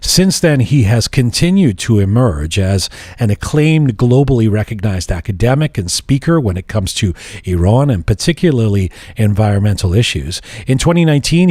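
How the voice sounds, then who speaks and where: A man hosts a podcast interview in an earnest, measured way. His voice sits in a middle pitch, and it is recorded dry and close with no room sound. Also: darkish tone, no room sound. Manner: measured, earnest, with some restarts when speaking off script. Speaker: podcast host. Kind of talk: scripted introduction then interview.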